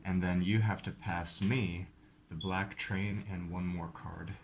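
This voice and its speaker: A man's voice: low voice, level tone, unhurried, noisy background. A man hosting a video, casually explaining the rules of a card game step by step. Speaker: host.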